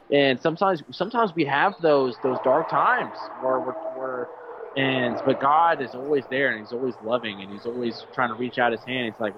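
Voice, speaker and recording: A man's voice: mid-range voice, brisk, highs cut off, a little hiss or hum. A young man co-hosting a casual faith talk, thoughtful, often restarting his sentences. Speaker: podcast co-host.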